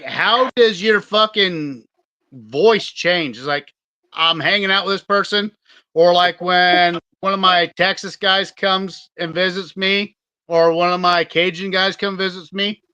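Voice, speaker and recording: Bright-voiced profane man telling stories. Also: high voice, smooth, no room sound, muffled recording. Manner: profane, storytelling, swears a lot. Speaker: podcast co-host. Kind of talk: casual podcast chat.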